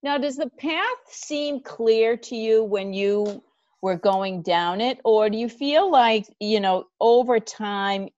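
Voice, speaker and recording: A woman's voice: fairly high pitch, slow, darkish tone, no room sound, lo-fi sound. A woman hosting a podcast interview, asking long, rambling questions with interested reactions. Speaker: podcast host.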